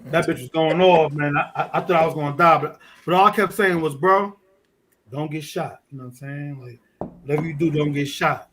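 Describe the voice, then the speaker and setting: A man from Brooklyn, a podcast guest telling a profane street story in a lively, animated way. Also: a little high, brisk, a little hiss or hum. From Fort Greene, Brooklyn. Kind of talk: casual storytelling.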